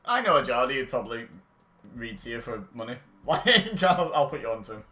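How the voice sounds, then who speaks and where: A man's voice: mid-range voice, very animated, brisk, noisy background. A man streaming a game, chatting casually with friends and laughing often in a teasing way. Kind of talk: casual chat while gaming.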